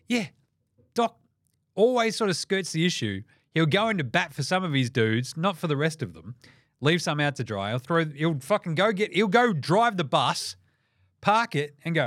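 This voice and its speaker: A man's voice: a little high, lively intonation, moderate pace, fairly bright tone, no room sound. A young Australian man hosting a sports podcast, ranting in a profane, mocking way on a close mic. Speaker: podcast host. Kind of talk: casual sports rant.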